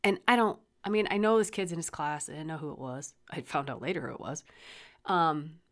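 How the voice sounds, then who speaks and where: A woman's voice: low voice, brisk. A middle-aged woman hosting a podcast, casually retelling a story about her kid in a blunt, rambling way, swearing freely. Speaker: podcast host and mother.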